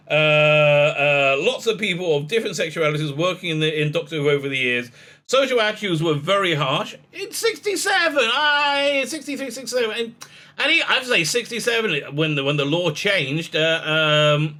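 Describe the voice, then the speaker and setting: A man's voice: high voice, animated, moderate pace, pushed and bright. A middle-aged man hosting a casual commentary, reading an article aloud and rambling with many fillers, restarts and laughs. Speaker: commentary host.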